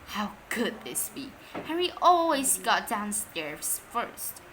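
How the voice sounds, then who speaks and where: Vietnamese native lady reading kids story, slow and bright, very animated. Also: a little high, a little hiss or hum, poor audio. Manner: lively, expressive. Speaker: story reader.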